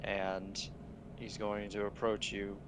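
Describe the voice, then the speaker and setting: A man's voice: on the low side, completely flat delivery, slow, noisy background. A young man narrating as game master in a laid-back, matter-of-fact way.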